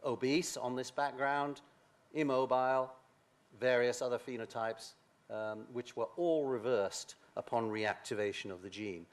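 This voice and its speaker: An older man giving a science lecture, halting, with many pauses and restarts. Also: medium pitch, steady tone. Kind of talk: academic lecture.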